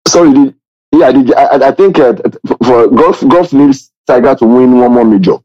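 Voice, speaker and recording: A man co-hosting a sports podcast, making his points haltingly with many fillers and restarts. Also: medium pitch. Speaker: podcast co-host. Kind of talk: casual sports podcast chat. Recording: dull lo-fi sound.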